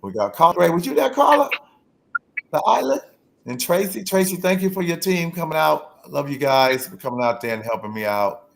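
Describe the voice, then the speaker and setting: A man hosting a podcast interview in a casual, animated way, often laughing and calling out to listeners. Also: fairly high pitch, a little fast, gravelly, background noise. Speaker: podcast host.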